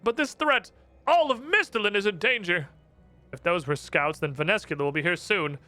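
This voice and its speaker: A man voicing a panicky, high-strung male noble from a fantasy game, exclaiming in alarm. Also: moderate pace, pushed and bright, faint music behind.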